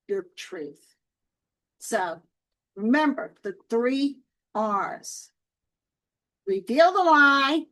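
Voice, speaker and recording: A woman talking casually to her viewers, telling faith stories in a chatty, lively way. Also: medium pitch, low-quality recording. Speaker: Christian author and video host.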